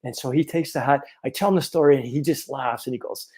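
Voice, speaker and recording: A chiropractor in his fifties telling a personal story in an animated, earnest way. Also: mid-range voice, quick pace, slightly rough. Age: 50s.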